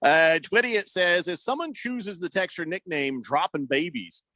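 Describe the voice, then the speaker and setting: A man's voice: high voice, expressive, normal speed, sharp tone, dry recording. A man hosting a sports talk radio show, rambling and joking with many fillers on a studio microphone.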